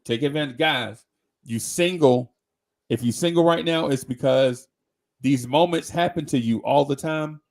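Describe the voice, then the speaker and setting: A man's voice: fairly high pitch, measured pace, a little mellow. A man hosting a live talk show, chatting casually in slang, with lots of restarts and repeated words. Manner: slangy, conversational, asks "right?".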